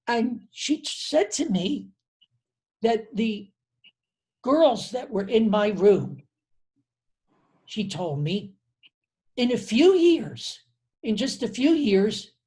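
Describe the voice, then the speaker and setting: A man in his seventies hosting a conversation, telling a personal story in an earnest, reflective way that often drops low on key phrases. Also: sing-song, slow pace, pauses often, a little mellow. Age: 70s. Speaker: host.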